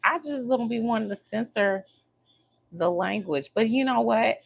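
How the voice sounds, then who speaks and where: A woman's voice: on the high side, a little slow, vocal fry, breathy edge. A woman hosting a casual livestream, chatting and teasing her viewers while she works on her hair. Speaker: livestream host.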